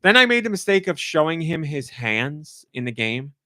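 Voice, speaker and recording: A man on a casual podcast, animatedly telling a story and jumping his voice up high to act out what people said. His voice sits a bit high for a man, recorded close and dry. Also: moderate pace, no echo. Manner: animated storyteller, acts out quotes in a raised voice. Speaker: podcast host.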